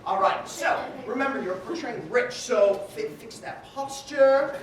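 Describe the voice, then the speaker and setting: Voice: mid-range voice, measured pace. A performer on a small theatre stage, rambling through instructions to volunteers with self-mocking jokes. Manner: self-deprecating, rambling, joking asides. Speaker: stage performer leading audience participation. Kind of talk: live improv comedy. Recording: echoey hall from far off, audience noise.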